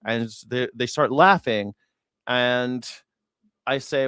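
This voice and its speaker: A man's voice: medium pitch, takes it slowly, pauses often, a bit bright, smooth, dry recording. Dry-voiced man rambling, profane host. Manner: rambling and profane, with sarcastic asides. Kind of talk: casual news reaction chat.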